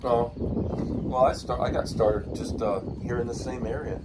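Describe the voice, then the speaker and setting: A man's voice: medium pitch, fairly even intonation, unhurried, very noisy. A middle-aged man from Washington state telling rambling, folksy stories about his start with pigeons in a casual outdoor interview. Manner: rambling, folksy, acts out quoted voices.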